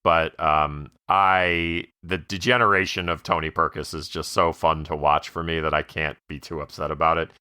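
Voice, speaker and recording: A man with a very deep voice co-hosts a movie podcast, rambling cheerfully with plenty of ums. His tone is bright and forceful, and the sound is dry with no room in it. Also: level tone, normal speed, few pauses, clear, resonant tone, no echo. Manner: enthusiastic, rambling, lots of fillers, laughs while quoting. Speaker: podcast co-host. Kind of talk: casual movie discussion podcast.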